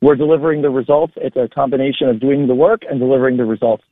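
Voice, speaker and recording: A man's voice: medium pitch, steady tone, fast talker, crowd noise. Upbeat man on a tinny phone line. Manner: upbeat, promotional, repeats words. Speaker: guest, local party chair. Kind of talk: radio phone interview.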